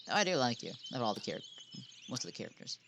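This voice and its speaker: Snarky woman narrating a game, low voice. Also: sing-song, fast, creaky, background noise. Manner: snarky, mutters sarcastic comments, sometimes yells. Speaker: gamer playing a visual novel. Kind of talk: casual let's-play commentary. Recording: game music playing behind.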